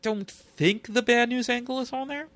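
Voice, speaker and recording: A man co-hosting a podcast in casual chat, thoughtful and halting as he recalls details. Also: very high voice, a bit bright, no echo. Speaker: podcast co-host.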